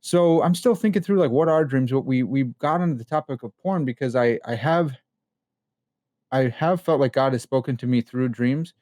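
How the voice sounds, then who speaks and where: A young man as a podcast guest, telling personal stories in a candid, animated way full of casual slang and fillers. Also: mid-range voice, moderate pace, no echo, studio quality. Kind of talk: casual conversation.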